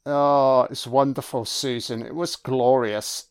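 A man's voice: medium pitch, fairly even intonation, slow pace, clean tone. A man giving a casual, profane and sarcastic film commentary as host.

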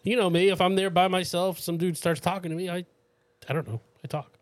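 A man tells a story on his podcast in a slightly high voice, acting out everyone he met and swearing casually. The sound is dry and close, with no room echo. He stumbles and restarts often as he talks. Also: fairly quick. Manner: animated storyteller, acts out quoted people in a higher voice. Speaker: podcast co-host.

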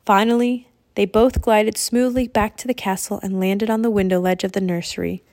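A woman narrating a children's novel aloud in a steady, expressive storytelling manner. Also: mid-range voice, moderate pace, a little hiss or hum.

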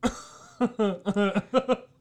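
A man's voice: high voice, steady tone, very slow, darkish tone. A man telling a crude personal story in casual comedy podcast chat, laughing often.

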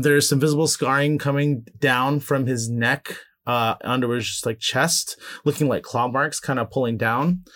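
Man, tabletop player, middle pitch, rambling, hesitant. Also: a bit bright. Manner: rambling, laughing, hesitant descriptions. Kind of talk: playing a tabletop game.

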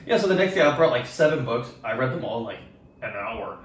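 With a sing-song, mid-range voice and a fast pace, a young male podcast co-host rambles through school tales, swearing a lot and acting out quotes. He's recorded from a distance in an echoey room with faint background noise.

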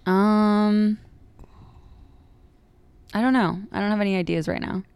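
A woman's voice: mid-range voice, steady tone, darkish tone, clean tone, no room sound. A young woman from San Francisco co-hosting a podcast, chatting casually and reacting supportively. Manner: supportive, reactive listener with quick laughs. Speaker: podcast co-host. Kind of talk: casual chat.

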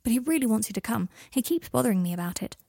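A gentle, earnest young wizard speaks quietly, often close to a whisper, voiced by a woman reading a fan fiction audiobook. The voice is husky with a slight creak. The sound is dry and close to the mic. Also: on the high side, animated, racing, no echo. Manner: soft, hushed, often whispered.

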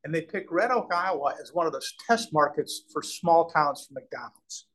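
An older man tells his story with real animation, his fairly high voice rising and falling as he slips into other people's voices. He sounds like a seasoned businessman talking at ease in an interview. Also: normal speed, rough recording. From Omaha. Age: 60s. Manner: animated storyteller, acts out quoted dialogue. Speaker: real estate developer, guest.

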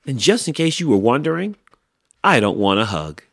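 Guy putting on a grumpy cactus, high and shouty, barks at everyone, storybook voice, kinda husky. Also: huge pitch swings, slow, dry recording, studio quality, heavily acted. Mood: grouchy yelling. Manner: shouting, gruff and irritable. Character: grumpy prickly male cactus who yells at everyone. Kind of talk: children's picture book read aloud.

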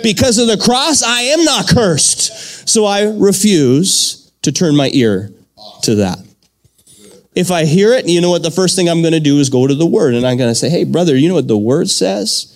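A man's voice: a little high, animated, normal speed, a little mellow. A man preaching a fervent sermon as pastor, repeating phrases and calling on the congregation to answer back. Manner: fervent preaching with repetition and call-and-response.

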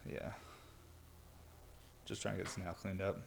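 A worn-out man talks in a loose, rambling way, his voice sitting a little low. He swears freely and sounds tired, like he has barely slept. A faint hiss hangs behind him. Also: flat delivery, unhurried, gravelly. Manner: laid-back, rambling, swears a lot. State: tired, yawning. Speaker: vlogger. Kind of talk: casual rambling monologue. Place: indoor workshop or studio.

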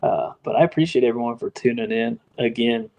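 A man's voice: mid-range voice, fairly quick, vocal fry, darkish tone, rough recording. A man hosting a podcast, telling a story in a laid-back, slangy way, leaning on "like" and "dude.". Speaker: podcast host. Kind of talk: casual storytelling chat.

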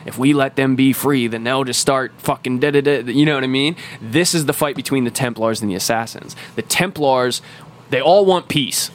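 Podcast co-host, male, mid-pitched voice; loose, cussing, rambling explainer, faint hiss behind. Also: normal speed. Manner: rambling, profane lore explainer. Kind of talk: casual chat.

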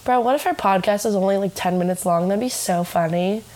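A woman's voice: medium pitch, a little fast, a little mellow. A young woman co-hosting a podcast in casual chat, blunt and profane, laughing often. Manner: blunt, swearing, laughing a lot. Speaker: podcast co-host.

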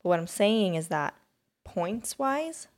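A woman's voice: mid-range voice, very animated, slow pace. A young woman co-hosting a podcast, chatting casually while sick, filling her talk with "like". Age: young adult. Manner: chatty, uses many fillers and "like". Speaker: podcast co-host. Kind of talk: casual chat.

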